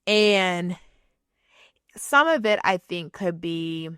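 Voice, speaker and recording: A woman's voice: on the low side, lively intonation, drawn-out words, a bit bright, clean tone, no room sound, clean studio sound. A woman hosting her own podcast, talking through a personal story in a chatty, casual way and often checking in with "right?". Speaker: podcast host. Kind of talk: casual solo podcast monologue.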